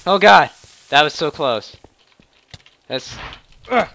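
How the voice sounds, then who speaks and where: A young man giving excited, shouting gameplay commentary with a gravelly voice. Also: a little high, slow, slight background noise. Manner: shouting, laughing, hyper reactions. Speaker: gaming channel host.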